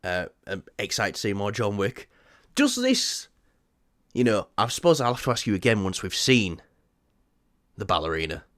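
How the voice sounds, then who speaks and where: A man co-hosting a movie news podcast in casual chat, excitable, swearing freely and laughing often. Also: fairly low pitch, moderate pace, long pauses, no echo, studio quality.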